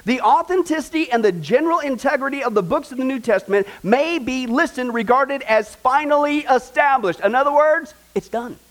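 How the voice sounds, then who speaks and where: An American man preaching a sermon, animated and emphatic, asking his listeners questions and joking along the way. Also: extremely high pitch, brisk, few pauses. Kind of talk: sermon with humor.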